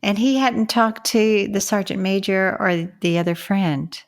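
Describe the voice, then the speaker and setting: A woman's voice: mid-range voice, unhurried. A woman hosting a podcast interview, asking brief questions and affirming her guest. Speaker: podcast host.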